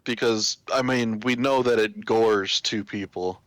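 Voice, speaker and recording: A man co-hosting a casual podcast chat, talking in halting bursts with restarts. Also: lowish voice, fairly even intonation, fairly bright tone, no room sound. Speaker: podcast co-host.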